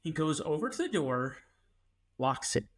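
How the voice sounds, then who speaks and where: A man, co-hosting a podcast and telling a story in an animated way, acting out what people said. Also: fairly high pitch, unhurried. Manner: animated, acts out quotes, many restarts. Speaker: podcast co-host. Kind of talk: casual storytelling.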